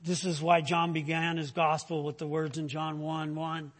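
A man delivers a teaching sermon in a high, husky voice. He quizzes his listeners with "right?" and "what?", and climbs in pitch as he drives a point home. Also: moderate pace. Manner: teaching with frequent "right?" check-ins and rhetorical questions; animated, rising in pitch when making a point. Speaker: preacher.

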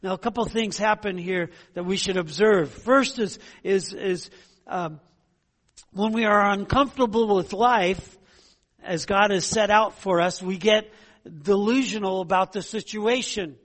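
A man's voice: high voice, measured pace, a bit bright. A man pastor preaching a conversational sermon, often asking "right?" and "okay?" to his congregation. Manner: conversational, rhetorical questions, frequent "right?".

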